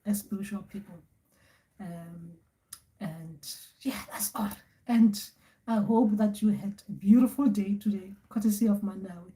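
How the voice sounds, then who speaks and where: A woman's voice: mid-range voice, unhurried, warm tone. A woman hosting a spiritual advice session, talking in a casual, rambling and repetitive way with many fillers. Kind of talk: casual livestream talk.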